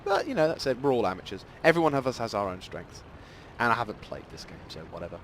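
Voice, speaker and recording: A man giving rambling, self-deprecating live commentary over a tank game, with sudden excited outbursts. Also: medium pitch, fast, background noise. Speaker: gameplay commentator. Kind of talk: casual live gameplay commentary.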